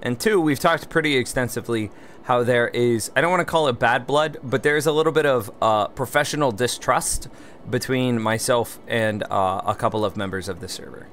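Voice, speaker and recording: A man's voice: medium pitch, moderate pace, fairly bright tone, a little hiss or hum. A man hosting a game livestream, reading viewer chat aloud and answering it in a wry, chatty way, one beer in and a little tipsy. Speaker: livestream gamer host.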